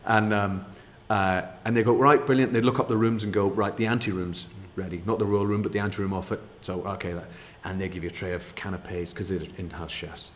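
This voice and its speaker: A man's voice: on the low side, steady tone, a little fast, hardly any pauses, slight background noise. Chatty man telling rambling stories. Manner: rambling, chatty, laughs at his own stories. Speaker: guest. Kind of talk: casual anecdote.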